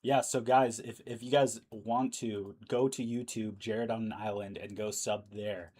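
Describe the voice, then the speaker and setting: A man's voice: fairly low pitch, steady tone, measured pace, a little mellow, husky. A man hosting a live news stream, talking casually and thinking aloud with fillers, and losing his voice. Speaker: livestream news host.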